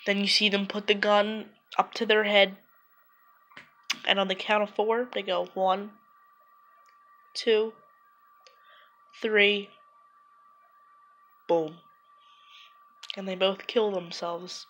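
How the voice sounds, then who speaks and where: A woman's voice: medium pitch, level tone, normal speed, a bit bright. A woman vlogger retelling events in a loose, rambling, conversational way. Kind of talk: casual retelling to camera.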